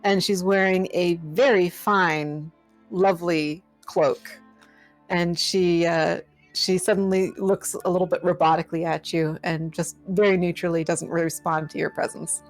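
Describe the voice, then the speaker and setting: A woman's voice: lowish voice, steady tone, unhurried, soft background music, rough recording. Woman narrating her game character. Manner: descriptive, chatty narration. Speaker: tabletop game player.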